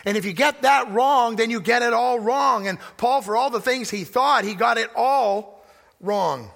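A pastor preaching a sermon, with emphatic delivery that swings from loud declarations to hushed asides. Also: male voice, very high voice, a little slow, vocal fry. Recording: long hall reverb.

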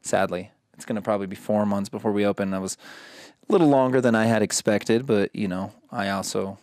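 Profane, animated man telling a story. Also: on the low side, brisk, no echo, studio quality. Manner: animated, profane, acts out quotes. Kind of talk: casual storytelling chat.

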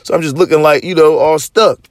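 A man in his thirties or forties hosting a podcast, telling a story in casual chat with a profane, swaggering, animated manner. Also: a little high, a little fast, no room sound, studio quality. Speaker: podcast host.

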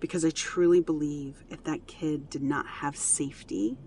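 A mother earnestly telling a personal family story in a casual, animated way, full of fillers. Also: sits low, normal speed, a little hiss or hum.

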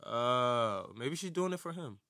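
A young man co-hosting a casual podcast, laid-back and slangy, quick to laugh. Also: mid-range voice, expressive, bright, forceful tone, no echo. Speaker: podcast co-host. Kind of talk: casual chat.

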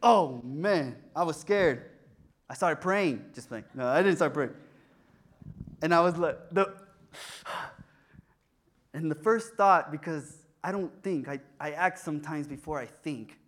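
A man's voice: on the high side, slow, long pauses, a bit bright. A young man telling a personal story in a sermon, acting out the voices of the people in it. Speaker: preacher.

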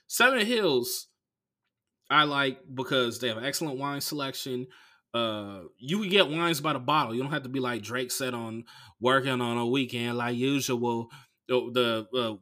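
Bright-voiced swearing comedian storyteller. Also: male voice, mid-range voice, moderate pace. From Oakland, California. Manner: rambling, swears a lot, acts out other people. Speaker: comedian podcast host.

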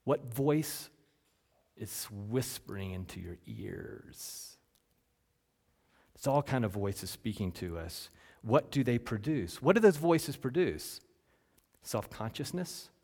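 A man preaching in a large, echoing hall, his voice trailing into long reverb. He shifts from pressing, emphatic lines to hushed, slowed ones. His pitch sits in an ordinary middle range. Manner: animated preaching, swings between loud emphasis and hushed lines. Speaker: pastor. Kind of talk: sermon.

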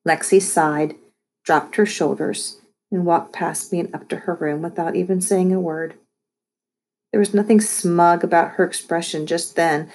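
A woman reading a children's chapter book aloud, lively storytelling with voiced asides. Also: fairly low pitch, measured pace, slight background noise. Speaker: audiobook reader.

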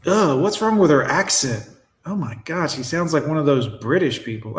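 A man's voice: fairly high pitch, expressive, moderate pace. A man in his forties hosting a casual reaction stream, talking in a blunt, sarcastic, profane way. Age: 40s. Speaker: streamer host reacting to videos. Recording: echoey room.

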